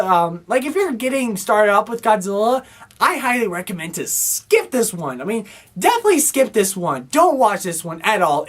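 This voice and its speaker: A woman with a somewhat high voice rants through a casual movie review. She sounds exasperated and rambles, leaning on filler words as she picks the film apart.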